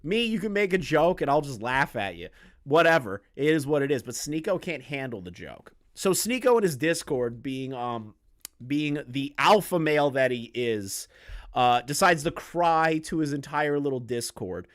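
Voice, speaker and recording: A man's voice: fairly high pitch, big pitch swings, normal speed. A man streaming live commentary to his chat, ranting in a crude, sarcastic way and rambling with fillers and restarts. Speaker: streamer reacting to online drama.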